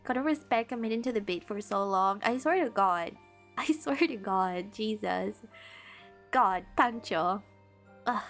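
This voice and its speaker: A woman's voice: medium pitch, expressive, measured pace, fairly bright tone, soft background music. A young woman streaming a game, chatting casually with her viewers and teasing them with mock laughter.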